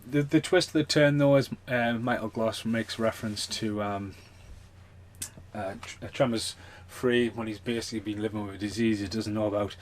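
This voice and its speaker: Swearing, rambling man. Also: medium pitch. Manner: swears freely, loose and chatty. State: tipsy. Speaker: film reviewer and vlogger. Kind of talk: casual rambling rant.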